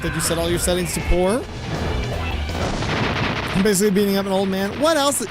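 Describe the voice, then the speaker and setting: A man's voice: high-pitched, steady tone, a little fast. A man from Puerto Rico, chatting and joking as he plays a video game on a live stream, reacting aloud to what happens on screen. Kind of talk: casual live-stream commentary. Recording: loud game music underneath. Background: video game music.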